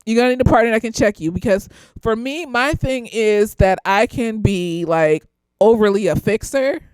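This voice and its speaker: Animated woman with a dry close sound. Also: moderate pace, clean tone, no room sound. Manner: animated, laughing often, profane, swings into high excited squeals. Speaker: therapist reviewing a TV series. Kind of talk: casual tipsy review monologue.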